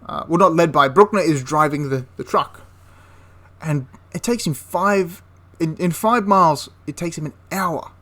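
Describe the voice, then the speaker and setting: Young man, casual history narration, chatty, corrects himself as he goes, slightly higher voice. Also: moderate pace, sharp tone. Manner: chatty, self-correcting, laughs at the story. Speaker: history channel host.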